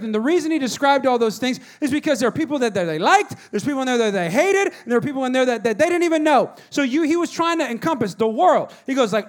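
A pastor in his thirties gives a sermon in a noticeably high voice. He tells stories in a quiet, hushed tone and then rises into loud, exhorting calls to the congregation. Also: animated, a little fast, hardly any pauses. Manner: storytelling, swings from soft and hushed to loud and exhorting.

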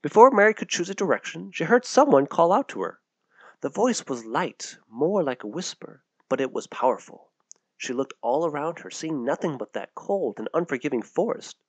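A man reads a storybook tale aloud with an expressive, animated delivery that rises and falls freely across a fairly high-sitting voice. The recording is dry and close, with no room sound around it. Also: normal speed, no echo. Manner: expressive, lively narrating. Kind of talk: storybook narration.

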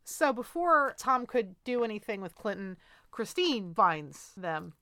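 Female podcast co-host, bright and forward tone, casual plot recap, dry studio mic. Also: medium pitch, very animated, a little slow, no room sound. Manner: chimes in to fill in plot details. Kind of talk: casual film recap chat.

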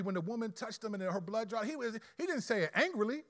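A man preaching a sermon in a conversational, animated way with quick asides. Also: very high-pitched. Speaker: pastor.

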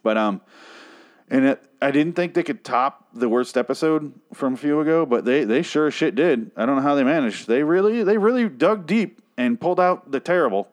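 A man's voice: a little high, animated, normal speed. Man ranting sarcastically about a TV episode. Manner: exasperated, sarcastic, mocks characters in put-on voices. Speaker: TV episode reviewer. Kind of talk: profane ranting review.

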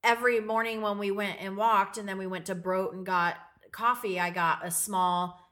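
A woman's voice: medium pitch, fairly even intonation, moderate pace, a bit bright. A woman co-hosting a podcast in casual chat, talking in a chatty way and often restarting her phrases. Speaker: podcast co-host.

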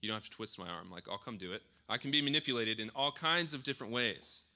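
A man in his thirties preaching, his voice very bright and forward. He talks to the congregation casually, slipping in fillers and restating his points as he goes. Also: mid-range voice, quick pace. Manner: conversational, with frequent fillers and self-corrections. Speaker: pastor. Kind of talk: sermon.

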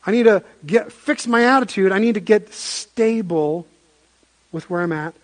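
A man preaching a sermon as pastor, telling stories in an animated way with frequent restarts. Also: high-pitched, moderate pace.

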